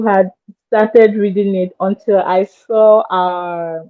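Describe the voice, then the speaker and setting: Excitable woman on a tinny line. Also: mid-range voice, takes it slowly. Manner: excitable, gushing, breaks into screams. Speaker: podcast co-host. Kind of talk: casual chat.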